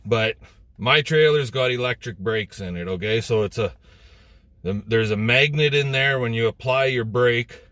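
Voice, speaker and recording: A man's voice: medium pitch, normal speed, no echo. A farmer vlogging casually from a moving vehicle, blunt and salty, swearing freely as he chats to his viewers. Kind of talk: casual on-the-road vlog. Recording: loud road noise in a vehicle.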